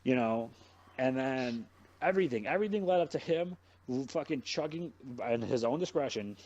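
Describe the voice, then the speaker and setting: Dull audio captures a young man with a mid-range voice talking at normal speed as he hosts a podcast. In casual conversation he tells a long story, rambling, animated, and swearing at every turn.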